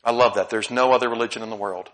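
A middle-aged male pastor preaching a sermon, swinging between loud emphatic lines and soft asides. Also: mid-range voice, steady tone, very fast.

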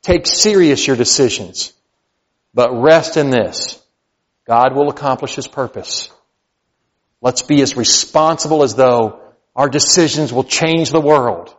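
A male pastor preaching a sermon, swinging from loud, high exclamations to low, quiet emphasis. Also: measured pace. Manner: preaching with big swings in pitch and loudness, rising to near shouts then dropping low. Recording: dull sound with long hall reverb.

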